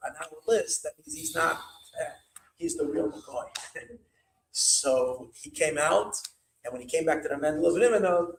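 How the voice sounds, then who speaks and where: A man, a rabbi, telling a story at an evening gathering, breaking into shouts and restarting his sentences often. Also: fairly high pitch, slight background noise. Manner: animated, bursts of shouting when retelling yelled lines, many restarts. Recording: echoey room, mic far off.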